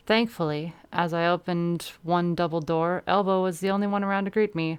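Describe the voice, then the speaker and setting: Female streamer narrating a first-person story; low, smooth, with casual asides. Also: steady tone, moderate pace, hardly any pauses. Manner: breaks off to laugh and comment. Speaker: streamer reading a story aloud.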